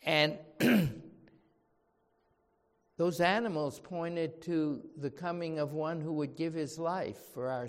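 Man, preacher, sermon, high voice, emphatic, rhetorical questions, echoey hall. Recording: reverberant hall.

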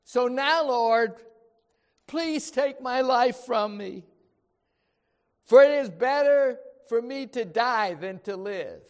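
A man voicing an indignant prophet from a sermon reading, high-voiced and bursting out loudly in exasperation at heaven. The echo of a large hall rings out behind each cry. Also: lively intonation, takes it slowly, clean tone, heavily acted. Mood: furious. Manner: loud, exasperated outbursts. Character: angry, indignant biblical prophet pleading with God. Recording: reverberant hall.

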